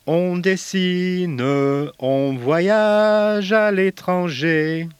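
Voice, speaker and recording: A male language teacher gives a measured, explanatory talk about using songs in class, occasionally singing short examples. His voice is lowish and the recording dry.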